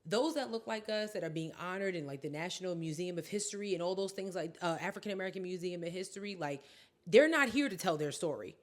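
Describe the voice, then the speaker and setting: A woman's voice: fairly low pitch, lively intonation, fast. A woman co-hosting a podcast in casual chat, blunt and emphatic, swearing freely. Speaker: podcast co-host.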